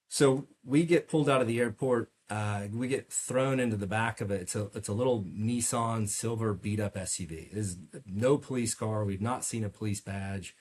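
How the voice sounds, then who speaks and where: A man with a fairly low voice tells his story as an interview guest, earnest and detailed. He pauses on fillers and restarts his sentences as he recalls each moment. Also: a little mellow. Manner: earnest, recounting events in detail with frequent fillers. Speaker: podcast guest, medical device sales rep.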